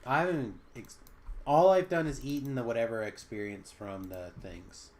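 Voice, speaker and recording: A man's voice: medium pitch, normal speed. A man streaming a game, chatting casually and rambling a little, poking fun at himself. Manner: rambling, self-deprecating. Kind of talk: casual gameplay chat.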